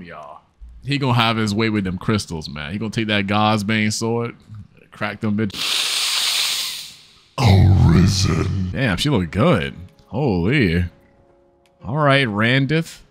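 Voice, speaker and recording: A man riffs over his gameplay in casual, profane commentary. He jokes, laughs often and talks right to his audience. His voice swings widely in pitch. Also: expressive, measured pace, fairly bright tone, no echo, soft background music. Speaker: gaming video creator.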